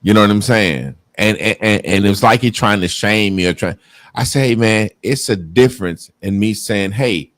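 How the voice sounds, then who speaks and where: A man's voice: lowish voice, normal speed, fairly bright tone. A man in casual chat, talking loosely with many fillers.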